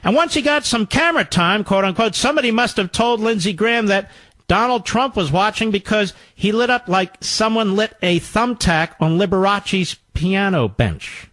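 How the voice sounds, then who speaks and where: A man hosting a political talk radio show, mocking and combative in tone. His pitch leaps and dips constantly for emphasis, and he sits somewhat higher than most men. The studio sound is close and dry. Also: animated, moderate pace, fairly bright tone, dry recording.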